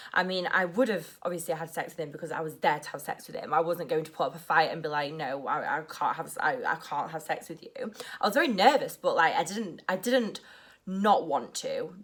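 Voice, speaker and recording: A young woman telling a story in a casual vlog, rushed and nervous, saying "like" constantly. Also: on the low side, fairly bright tone. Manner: rushed and nervous, heavy use of "like". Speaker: vlogger.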